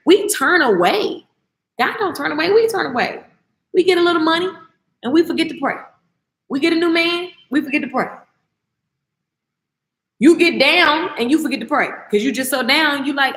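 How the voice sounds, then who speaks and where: Animated, bright-voiced woman teaching Bible. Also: sits high, normal speed, pauses often, roomy sound. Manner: animated, chatty, slangy storyteller. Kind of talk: casual Bible teaching to camera.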